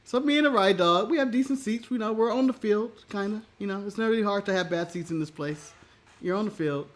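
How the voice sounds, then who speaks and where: A male podcast co-host telling a story in casual chat, animated, laughing often and swearing freely. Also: high-pitched, fairly quick.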